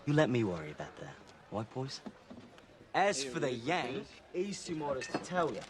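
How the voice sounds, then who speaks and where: A man's voice: mid-range voice, sing-song, normal speed, crowd noise, lightly acted. An actor playing a brash, commanding London firm leader who teases his mates, speaking with a London accent in a crowded pub. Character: swaggering, loud London firm leader, adult man.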